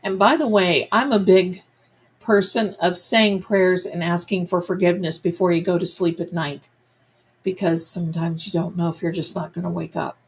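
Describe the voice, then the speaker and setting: Speaking at a normal speed in a lowish, steady voice, this middle-aged psychic medium runs a tarot livestream. She muses aloud and chats with both her audience and her cats, and the audio quality is poor.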